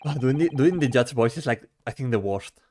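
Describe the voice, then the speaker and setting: A man's voice: medium pitch, expressive, brisk, darkish tone, a little hiss or hum. A man streaming a game, chatting casually with self-deprecating asides between readings. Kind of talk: casual let's-play commentary.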